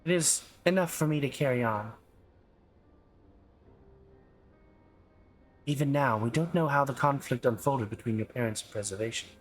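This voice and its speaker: A man reading a game's dialogue aloud, voicing an earnest young woman investigator in a measured way. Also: mid-range voice, voice pushed up, close to an everyday voice. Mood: reassuring. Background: faint game music.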